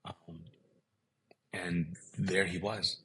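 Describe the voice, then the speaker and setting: A man's voice: deep voice, little pitch movement, very slow, a bit bright. A middle-aged man whose first language is Urdu, telling a personal story as a guest and acting out the dialogue in it.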